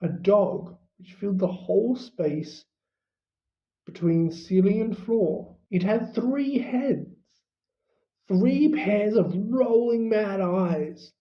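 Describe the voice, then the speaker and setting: A reader narrating a storybook in an unhurried, expressive way. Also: medium pitch. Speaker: audiobook reader. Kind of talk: storybook reading. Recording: dull lo-fi recording.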